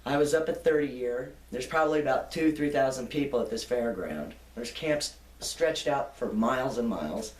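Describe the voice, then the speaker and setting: A woman's voice: a bass voice, moderate pace, hardly any pauses, darkish tone. Older woman interviewee, chatty anecdotal storyteller, roomy distant sound. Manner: chatty, anecdotal, laughs easily. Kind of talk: reminiscing storytelling. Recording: echoey room, off-mic.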